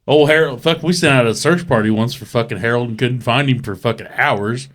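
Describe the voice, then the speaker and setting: A man's voice: mid-range voice, normal speed, a bit bright. A man telling old stories in casual podcast chat, swearing all the time and laughing as he talks. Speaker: podcast host.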